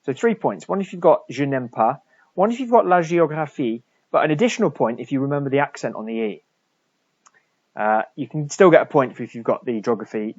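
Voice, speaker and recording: A man, a French teacher, talking through a recorded lesson for pupils and slowly repeating French words for them to copy. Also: mid-range voice, a little mellow, dry recording, muffled recording.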